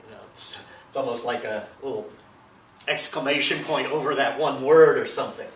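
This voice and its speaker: Male teacher, mid-pitched, talking through a grammar lesson in a meandering way; recorded at a distance in a reverberant room. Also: normal speed, a bit bright, slight background noise. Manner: loose, rambling explanation with many fillers. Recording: echoey room, mic at a distance.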